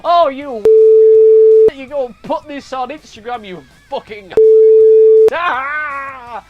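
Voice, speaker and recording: A man voicing a shrill, giggly young nerdy woman who squeals. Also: slow, phone-quality sound, over loud music. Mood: shrill squealing.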